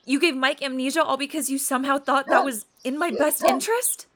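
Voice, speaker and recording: A woman's voice: sits high, a crowd in the background. A woman acting a friend in an audio drama, emotional and accusing. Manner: emotional, accusing, then flat and slow. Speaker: character Erin.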